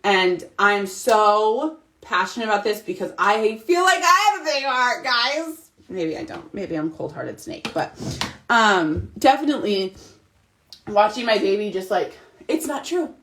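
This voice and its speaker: A woman's voice: mid-range voice, animated, measured pace, fairly bright tone. A woman in her thirties, a mom talking casually and animatedly to her followers, emphatic and repetitive. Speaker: mom vlogger. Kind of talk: casual motivational monologue.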